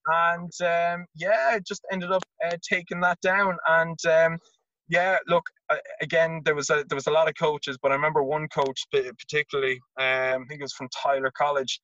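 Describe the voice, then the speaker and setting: Bright-voiced Irish man telling a story. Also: a little high, moderate pace, dull audio. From Ireland. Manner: animated storyteller, repeats words, acts out quotes. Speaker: guest, former college tennis player. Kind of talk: casual storytelling interview.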